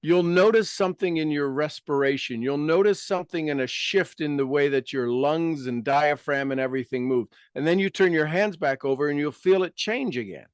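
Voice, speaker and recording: A man leading a self-help talk, guiding listeners through exercises and asking rhetorical questions, with his loudness rising and dropping. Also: fairly high pitch, moderate pace, hardly any pauses, clear, resonant tone, no room sound, studio quality. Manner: rhetorical questions, repeats phrases for emphasis. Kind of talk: coaching talk with guided exercises.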